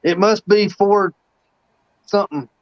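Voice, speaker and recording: A high-voiced man from North Carolina clowns his way through a live chat, forever dropping into impressions. His voice sounds dry and muffled, like online call audio. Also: a little slow, no echo.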